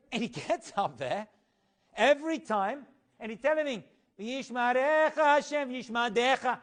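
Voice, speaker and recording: His voice sits high as this middle-aged rabbi animatedly teaches Torah through stories. He sings the Hebrew he quotes and adds funny asides.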